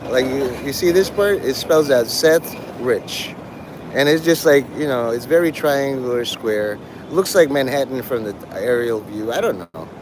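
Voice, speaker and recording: A man's voice: mid-range voice, lively intonation, unhurried, background noise. A man streaming live and talking with his chat in a provocative, profane, rambling way. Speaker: livestreamer. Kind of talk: casual livestream chat with viewers.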